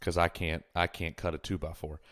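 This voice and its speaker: A man hosting a casual podcast, talking in an animated, jokey way and drifting into tangents. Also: deep voice, fairly quick.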